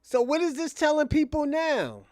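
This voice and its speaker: Man, host, blunt and profane, high lively voice, dry sound. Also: moderate pace, no room sound. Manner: blunt, profane, animated storytelling. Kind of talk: casual commentary.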